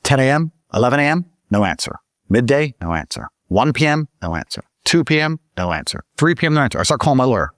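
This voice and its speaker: A man's voice: quick pace, no room sound. Emphatic, profane British-born man, dry sound. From Britain. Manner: profane, emphatic, voice climbs high when excited. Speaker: podcast guest. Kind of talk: casual interview storytelling.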